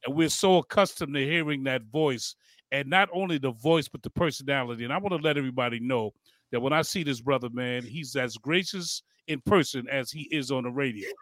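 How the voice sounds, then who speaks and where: A man's voice: mid-range voice, a little fast, a bit bright, no room sound, rough recording. A man hosting a podcast in casual chat, hyped and repetitive, using street slang. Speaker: podcast host.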